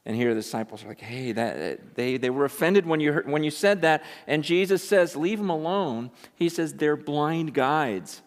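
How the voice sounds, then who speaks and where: Barely pausing, a male pastor with a fairly high voice talks at normal speed, retelling scripture in everyday terms in an emphatic, conversational sermon. The large meeting room with its audience produces a long hall reverb.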